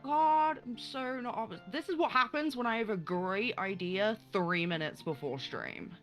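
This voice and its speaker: A woman's voice: on the high side, normal speed, faint music behind. A woman running a tabletop game as game master, rambling and self-deprecating, often laughing.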